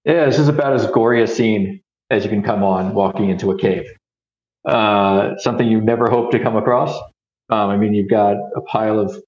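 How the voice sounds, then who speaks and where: Male podcast guest, lowish voice, laid-back, recorded in a roomy space on a dull mic. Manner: relaxed, with many fillers. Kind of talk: casual chat.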